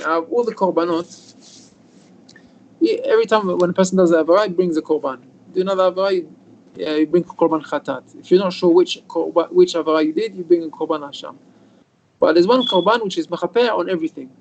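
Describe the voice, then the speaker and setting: Quick and high-voiced, the rabbi leads a relaxed Torah session on a video call, though the audio is muffled with a faint hiss or hum. He tells stories with lively energy, voicing the characters' dialogue and weaving in Hebrew terms.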